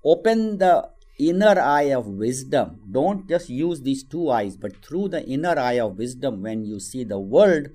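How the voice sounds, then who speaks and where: Man giving an animated spiritual discourse. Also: medium pitch, measured pace. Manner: animated storytelling, acts out voices in quotes. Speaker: spiritual teacher. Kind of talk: scripture discourse with a story.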